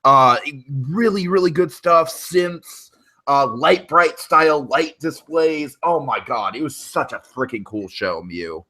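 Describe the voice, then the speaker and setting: A man's voice: fairly high pitch, lively intonation, slow, bright, forceful tone, low-quality recording. A man hosting a podcast, chatting casually and enthusiastically, rambling with frequent restarts. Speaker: podcast host. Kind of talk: casual chat.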